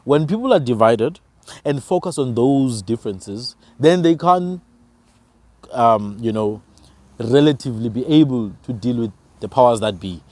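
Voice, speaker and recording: A man's voice: medium pitch, expressive, unhurried, darkish tone, no room sound. A man from Africa, arguing his views with emphatic rhetorical questions in a passionate podcast conversation. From South Africa.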